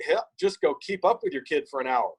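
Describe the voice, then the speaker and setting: A man, a podcast guest, telling an emphatic, animated story in casual conversation. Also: on the high side, a little fast, slight background noise, rough recording.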